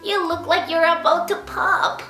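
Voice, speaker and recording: A woman voicing a patronizing older woman stranger in a high, cooing voice. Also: fairly even intonation, normal speed, bright, forceful tone, echoey room, soft background music.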